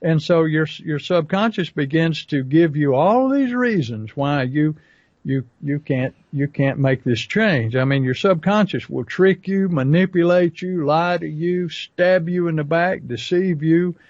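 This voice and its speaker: A man's voice: fairly high pitch, lively intonation, unhurried, darkish tone, no echo, dull audio. A man, co-hosting a podcast as a business coach and telling folksy stories with acted asides. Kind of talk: casual podcast talk.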